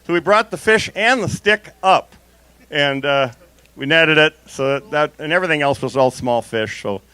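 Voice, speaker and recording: A man with a raised, bright and tense voice tells an animated fishing story. The sound is dry and close, with no room echo. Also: on the high side, normal speed, clear, resonant tone. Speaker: tournament angler.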